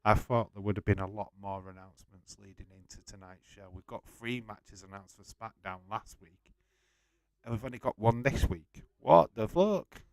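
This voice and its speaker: A man's voice: lowish voice, level tone, moderate pace, dry recording. A man hosting a live watch-along stream, chatting casually and bluntly, swearing and greeting viewers. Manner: blunt, swears freely, reads out viewer comments. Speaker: wrestling watch-along host.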